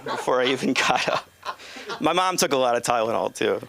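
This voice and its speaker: A man does a loose stand-up set into a handheld mic at a comedy club. His mid-range voice has a strong gravelly fry to it. He rambles from point to point and often breaks into laughter at his own material. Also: mid-range voice, animated, a little fast, crowd noise. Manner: rambling, cracks himself up.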